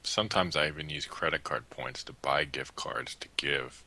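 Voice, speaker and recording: Deep-voiced man, deadpan podcast teasing. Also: moderate pace, gravelly. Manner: deadpan teasing, swears freely. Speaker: podcast co-host. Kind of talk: casual banter.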